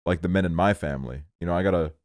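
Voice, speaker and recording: A man's voice: low voice, very fast, darkish tone, no room sound, clean studio sound. A young man hosting a casual podcast chat, rambling and swearing with lots of stumbling restarts.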